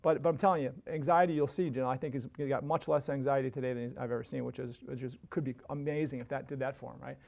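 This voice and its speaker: A man's voice: mid-range voice, steady tone, very fast, creaky, few pauses, darkish tone. A man hosting a podcast, telling a casual story that rambles with many restarts and tag questions. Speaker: podcast host.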